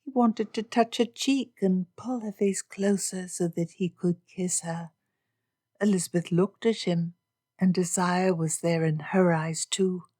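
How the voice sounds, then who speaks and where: A woman reads a romance novel aloud with steady, expressive narration. Her voice sits on the lower side for a woman. The delivery is even and attentive to the story. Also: measured pace. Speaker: audiobook narrator. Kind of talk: scripted narration.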